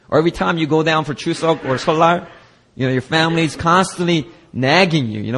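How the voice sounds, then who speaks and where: A man's voice: on the high side, lively intonation, a little fast. A man preaching a sermon at a church service, reading scripture aloud and acting out nagging voices. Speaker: pastor.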